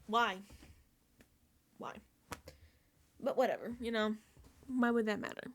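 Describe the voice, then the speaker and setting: A woman hosting a reality TV recap, ranting casually and acting out quotes in an exasperated, animated way. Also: on the high side, slow, pauses often.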